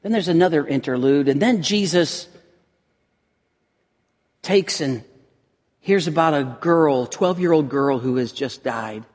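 A man's voice: fairly high pitch, a little slow, long pauses, a little mellow. A man preaching a sermon as a pastor, earnest and building to intense emphasis, with frequent restarts. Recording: long reverb of a hall.

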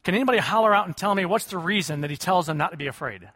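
A man preaches to his congregation, asking them questions and calling for answers. His voice sits high and sounds bright and forceful. It carries a long echo from a large hall. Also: lively intonation, rapid-fire, slightly rough. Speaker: pastor. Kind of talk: sermon.

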